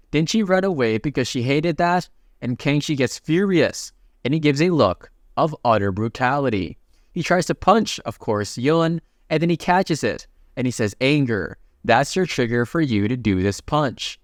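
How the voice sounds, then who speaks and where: A man's voice: a little high, no room sound, studio quality. A young man narrating a comic recap in a casual way, reading the dialogue lines in his own plain voice and adding joking asides.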